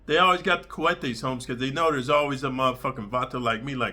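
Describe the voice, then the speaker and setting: A man hosting his channel, telling crude prison stories in a blunt, streetwise, animated way full of slang. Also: medium pitch, fast talker, few pauses. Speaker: channel host. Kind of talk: crude prison storytelling monologue.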